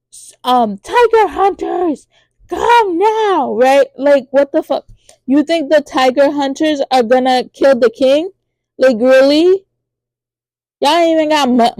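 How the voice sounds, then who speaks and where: A woman hosting a podcast who recaps a TV drama in a casual, animated way, with lots of fillers and acted-out lines. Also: no echo. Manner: acts out characters' lines in high voices. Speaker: podcast host reviewing a TV drama.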